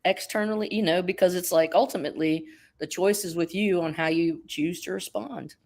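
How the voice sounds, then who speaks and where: Chat guest, mid pitch, reflective and chuckling, loose delivery. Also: moderate pace, creaky, a little mellow. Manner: chuckling, musing. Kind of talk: casual group chat.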